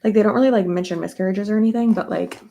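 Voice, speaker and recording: A young woman talking through her makeup routine in a loose, rambling way. Her voice is husky and slightly gravelly, with a mellow, relaxed tone. She fills her sentences with likes and ums. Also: mid-range voice, racing, muffled recording. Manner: chatty, rambling with many fillers. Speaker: beauty vlogger. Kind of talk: casual get-ready-with-me chat.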